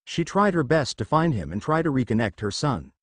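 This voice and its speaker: A man reads fan fiction aloud in an amateur way and often stumbles over words. His pitch rises and falls a lot, and the recording is close and dry with no room sound. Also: very animated, a little fast, breathy edge, no room sound. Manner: plain reading with frequent slips. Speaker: narrator. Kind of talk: amateur fanfiction reading.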